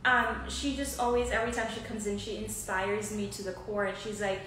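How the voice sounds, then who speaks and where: A woman who owns a beauty salon, speaking softly and gratefully in casual conversation, picked up off-mic by a phone camera. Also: medium pitch, flat delivery, fairly quick, noisy background. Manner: heartfelt, grateful, soft-spoken. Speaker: salon owner. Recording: distant voice in echoey room.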